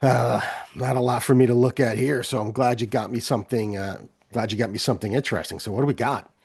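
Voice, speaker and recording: A man voicing a weary male tech engineer who speaks in a flat, unimpressed way. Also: medium pitch, fast talker, creaky, slightly rough.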